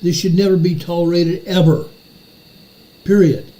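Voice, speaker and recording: A man's voice: sits high, fairly even intonation, measured pace, warm tone, low-quality recording. An older man hosting a commentary show, ranting furiously and repeating his phrases for emphasis. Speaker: show host.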